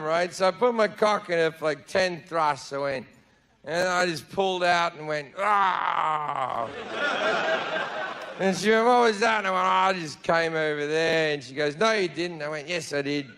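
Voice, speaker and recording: A man's voice: high-pitched, a bit bright. A man telling a stand-up comedy story to a laughing audience in a brash, profane, self-mocking way.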